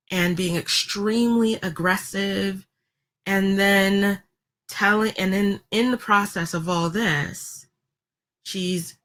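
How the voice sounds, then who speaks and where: A woman with a somewhat low voice talks straight to camera in a casual commentary vlog. Her delivery is chatty and wry, broken by ums and quick laughs, speeding up when she gets worked up. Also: fairly bright tone. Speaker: vlogger.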